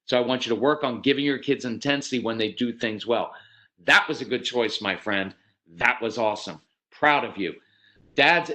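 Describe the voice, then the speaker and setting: A man in his fifties giving a seminar talk to parents, telling stories animatedly, acting out quotes and repeating words as he starts sentences. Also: mid-range voice. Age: 50s. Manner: animated storytelling, acts out quotes. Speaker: parenting speaker.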